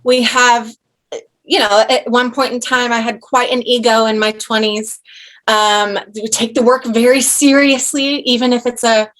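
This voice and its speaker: A woman's voice: a little high, steady tone, normal speed, fairly bright tone. A woman in her thirties, an actor and director, chatting as an interview guest, effusive and full of restarts and asides. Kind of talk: casual interview chat.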